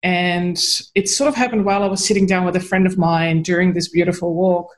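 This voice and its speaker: A woman's voice: lowish voice, fairly even intonation, brisk, poor audio. A woman, a podcast guest and spiritual activist, telling a personal story in an earnest, chatty way.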